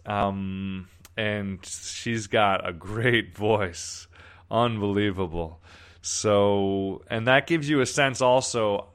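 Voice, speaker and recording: Man, smooth low voice, casual rambling commentary host. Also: a bit bright. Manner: rambling, many restarts.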